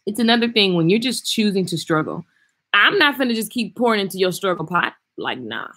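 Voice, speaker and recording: A woman hairstylist chatting casually and frankly on a livestream, reading and answering viewer comments with animated swings in loudness. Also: mid-range voice, fairly quick. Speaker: hairstylist and vlogger. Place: traveling, indoors.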